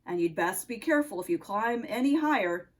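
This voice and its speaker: A woman doing a gruff Russian-accented Nutcracker. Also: lively intonation, a little fast, natural voice. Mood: gruff jovial. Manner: jovial, booming, calls others comrade. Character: gruff proud male Nutcracker ornament. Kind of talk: storybook read-aloud.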